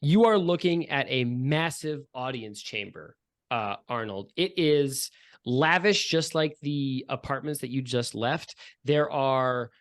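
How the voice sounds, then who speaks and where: Acting as game master for a tabletop game, a man narrates slowly at an ordinary middle pitch. His descriptions wander loosely, full of fillers and joking asides.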